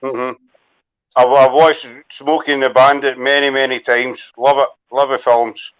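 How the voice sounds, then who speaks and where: A man's voice: medium pitch, level tone, unhurried, a bit bright, smooth, lo-fi sound. A man chatting casually as a podcast co-host, rambling with restarts and fillers. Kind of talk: casual chat.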